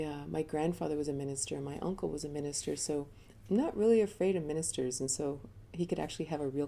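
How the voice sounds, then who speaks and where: A woman's voice: low voice, gravelly, mellow, slight background noise. A middle-aged woman giving a live talk as a spiritual teacher, telling personal stories candidly and chattily, often laughing.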